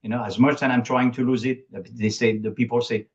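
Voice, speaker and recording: A man's voice: mid-range voice, little pitch movement, brisk. A man with a French accent, speaking French as his first language, talks as a guest in an interview. He uses broken English grammar, chuckles often and restarts his sentences. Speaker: guest, public speaking coach. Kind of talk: casual interview talk. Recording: dull lo-fi recording.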